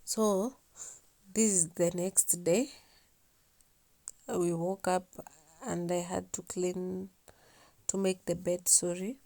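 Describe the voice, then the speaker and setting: A young woman recording a relaxed, sleepy voiceover for her home cleaning video, soft-spoken and slipping into whispers now and then. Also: on the low side, slow pace, pauses often, no room sound. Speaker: vlogger doing a cleaning voiceover. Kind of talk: casual voiceover narration.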